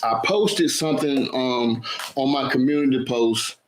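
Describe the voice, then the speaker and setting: Slow, unhurried man hosting a casual live chat, greeting his viewers one by one and repeating himself. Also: mid-range voice, slight background noise, poor audio. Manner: repeats phrases over and over. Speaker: cooking channel host.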